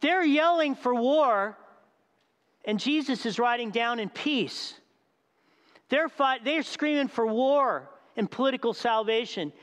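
A man preaching a sermon, animated, asking the crowd questions and acting out scenes. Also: very high voice, measured pace. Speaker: pastor. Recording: long hall reverb.

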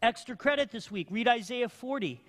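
A male pastor preaching a sermon in a church, with emphatic call-and-response and slow, deliberate phrasing. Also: very high voice, animated, a bit bright. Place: church sanctuary. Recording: long hall reverb.

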